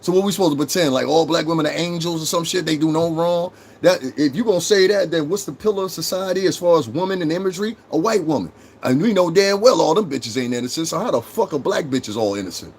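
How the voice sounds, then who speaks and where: A man's voice: a little high, animated, quick pace, few pauses, slight background noise. A middle-aged man hosting a live stream, ranting and mocking chat viewers in a confrontational, profane way. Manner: confrontational, mocking, swears constantly. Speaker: livestream host.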